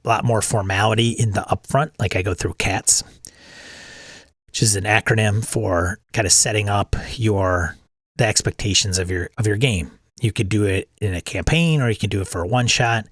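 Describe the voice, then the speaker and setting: Guy rambling on his channel, keeps restarting sentences, kinda low voice, dead dry room. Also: moderate pace, fairly bright tone, no echo. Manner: rambling, self-correcting, repeats words. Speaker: channel host. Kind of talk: casual solo chat about tabletop games.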